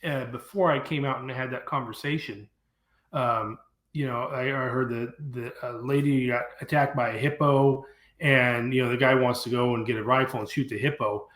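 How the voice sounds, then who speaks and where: A man telling a story as a guest in an interview, animated and acting out what people said. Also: medium pitch, moderate pace. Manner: animated storyteller who acts out quoted speech. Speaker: guest, dangerous game hunter. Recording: roomy echo.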